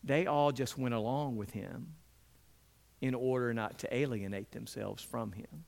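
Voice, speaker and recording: A middle-aged male pastor preaching a sermon in an earnest way, sometimes voicing biblical characters with lively pitch and dropping low and quiet for emphasis. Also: unhurried, vocal fry.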